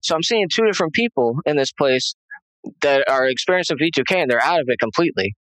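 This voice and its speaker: Here the interview guest's voice is fairly high, animated, and quick, with a fairly bright tone. The recording is rough but echo-free as he tensely retells a personal story, rambling, restarting often, and leaning on fillers.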